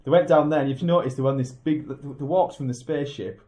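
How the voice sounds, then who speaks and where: A man's voice: medium pitch, fast, dark tone. A man co-hosting a casual podcast, picking apart a film in an analytical, rambling way with many restarts. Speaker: podcast co-host. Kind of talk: casual film review chat.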